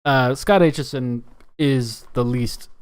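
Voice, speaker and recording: Man, from Canada, reaction host, blunt, offhand, mid-pitched voice, dry close sound. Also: slow, clear, resonant tone, no room sound. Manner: blunt, offhand, trailing restarts. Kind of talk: casual reaction commentary.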